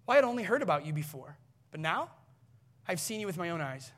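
A man's voice: high-pitched, very animated, fast talker, fairly bright tone. A man preaching, reading aloud the words of Job as a humbled, suffering man taking back what he said.

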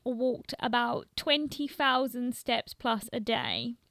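A young woman from London chats in a broad London accent, rambling happily with plenty of "like" and quick laughs. Her voice sits a little high, bright and forward with a gravelly edge. The sound is close and dry. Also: sing-song, no room sound. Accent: London English. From London, England. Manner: chatty, laughs often, fills with "like" and "um". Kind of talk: casual chat.

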